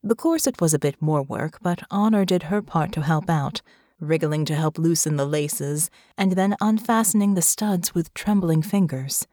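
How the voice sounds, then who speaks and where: A woman narrating a story with a slow, measured reading. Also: deep voice, warm tone, no echo, clean studio sound. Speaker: audiobook narrator. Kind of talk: scripted narration.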